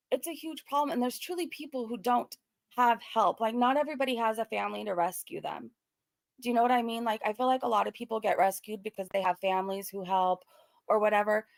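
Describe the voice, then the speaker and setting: A woman's voice: mid-range voice, vocal fry, no room sound. A young woman talking casually and earnestly to her viewers, rambling with many fillers. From Southern California. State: choked up, near tears. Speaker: commentary YouTuber. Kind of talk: casual commentary vlog.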